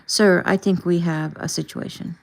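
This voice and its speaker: A woman narrator voicing a calm, protective male federal agent who speaks steadily and reassuringly. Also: sits high, moderate pace, creaky. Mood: briefing.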